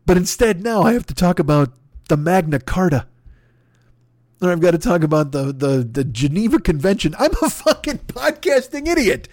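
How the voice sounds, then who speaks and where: A man's voice: fairly high pitch, expressive, moderate pace, a little mellow, dry recording, studio quality. A man hosting a podcast, ranting in exasperated comic bursts full of profanity. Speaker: podcast host. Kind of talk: comedic rant. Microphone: podcast microphone.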